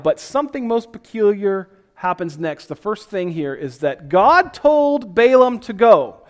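A male pastor with a high, fairly bright voice reads scripture aloud during a sermon. He then explains it loosely and conversationally, dropping in self-deprecating asides.

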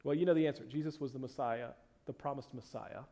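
In a mid-range voice, a male pastor delivers a sermon and reads scripture, slowing down to stress phrases. He shifts back and forth between loud emphasis and quieter asides.

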